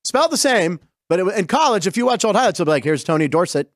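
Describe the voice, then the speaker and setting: A middle-aged man from western Pennsylvania hosting a sports show, telling stories over game clips in a chatty, digressive, excited way. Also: sits high, fast talker, dry recording, studio quality.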